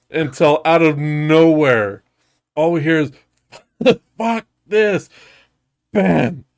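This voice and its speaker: A young man co-hosting a podcast, telling stories in casual chat, laughing often and swearing a lot. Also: a little high. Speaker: podcast co-host.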